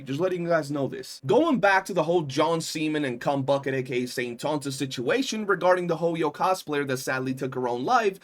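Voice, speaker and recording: A young man giving a heated, indignant commentary rant, swearing freely and stressing his points. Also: fairly high pitch. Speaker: commentary streamer.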